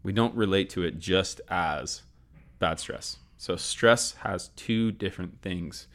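A man's voice: low-pitched, takes it slowly, a bit bright. A man hosting a sport and performance psychology session, upbeat and repeating his key points. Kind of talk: scripted educational talk.

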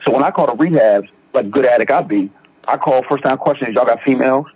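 This muffled clip features a young man from Philadelphia recounting his recovery as a guest, talking a little fast in a husky, mid-range voice. He uses slang and keeps restarting his sentences in this conversational testimony.

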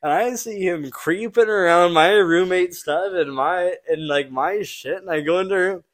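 A man's voice: high voice, normal speed, few pauses, fairly bright tone. A young man, a podcast guest, telling a story in a casual, rambling way, swearing often, laughing and using lots of fillers. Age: young adult. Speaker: podcast guest, junior hockey player.

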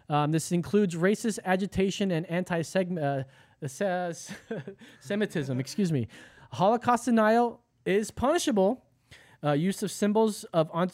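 A man's voice: high voice, a little mellow. An American man hosting a casual podcast, reading out laws and rambling about them with plenty of swearing and self-mocking laughs. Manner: profane, rambling, laughs at himself. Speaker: podcast host.

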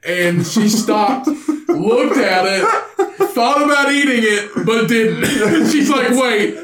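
A high-voiced man from Indiana co-hosts a rowdy podcast chat, swearing for emphasis and laughing through his lines. The room is echoey, with chatter behind him. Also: slow pace. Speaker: podcast co-host.

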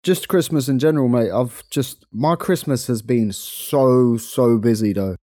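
A young man with a London accent, co-hosting a casual podcast chat, chatty and quick to laugh. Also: medium pitch, warm tone, dry recording, studio quality. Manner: chatty, laughs often, playful. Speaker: podcast co-host.

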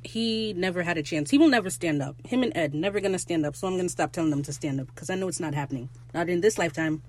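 A host recapping a TV episode in casual, excitable talk, with profanity and rambling asides. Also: medium pitch, quick pace.

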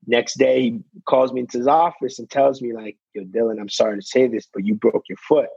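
Young man, gravelly voice, husky edge, casual interview guest, dull muffled sound. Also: medium pitch, steady tone, brisk, mellow, dry recording. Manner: fills with "you know", acts out quotes. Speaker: guest, basketball player.

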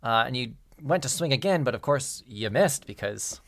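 A man running a tabletop game, narrating at an unhurried pace and chuckling often. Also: mid-range voice, animated, vocal fry, a bit bright, no room sound, clean studio sound. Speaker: game master.

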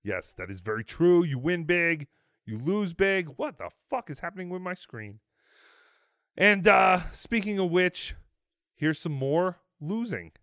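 Man giving lively, sarcastic commentary. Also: sits high, unhurried, no echo. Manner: dry, sarcastic narration. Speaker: show host. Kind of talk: casual commentary over a clip.

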